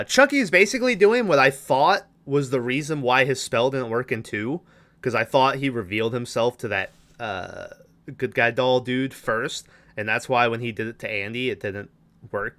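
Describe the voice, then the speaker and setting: A man's voice: mid-range voice, pushed and bright. A man hosting a podcast, recapping a film in a rambling, casual way, swearing and acting out lines. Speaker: podcast host.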